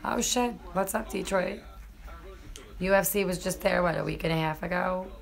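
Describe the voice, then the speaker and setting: A woman's voice: lowish voice, normal speed, vocal fry. A young woman, chatting casually and cursing as she talks to viewers on a live stream. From New York.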